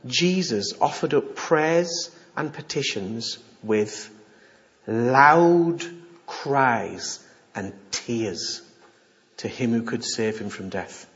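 A middle-aged man preaching an informal, jokey sermon and acting out the voices he quotes. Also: mid-range voice. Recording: dull lo-fi sound.

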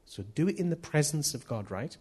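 A man's voice: fairly high pitch, expressive, brisk, warm tone, slightly rough. A man preaching a sermon in an earnest manner, often repeating key phrases.

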